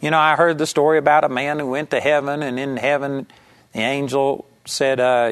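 A man's voice: medium pitch, little pitch movement, normal speed, fairly bright tone. A man preaching an earnest sermon, teaching from scripture and telling a story to make his point. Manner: earnest, emphatic Bible teaching with anecdotes.

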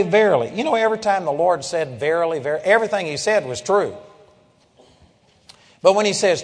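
A man preaching a sermon, emphatic, swinging between loud declarations and low, intense passages. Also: animated, fairly quick, in a large hall.

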